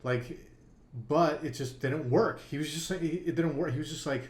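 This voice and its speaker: A man's voice: a little high, moderate pace, roomy sound. A man co-hosting a poker podcast, telling a long story in casual conversation, with many fillers and restarts.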